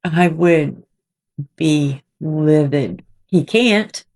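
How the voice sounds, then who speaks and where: Slow, gravelly-voiced woman vlogging indignantly. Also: low-pitched, a little mellow. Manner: indignant, emotional, rambling. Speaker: commentary channel host. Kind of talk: emotional vlog commentary. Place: small cramped room at home.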